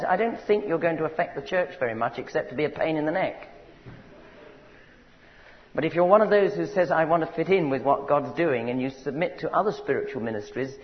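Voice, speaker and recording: A man preaching a sermon, telling stories and asking the congregation if they follow him. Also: a little high. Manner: storytelling, conversational asides to the congregation. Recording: dull recording with long hall reverb.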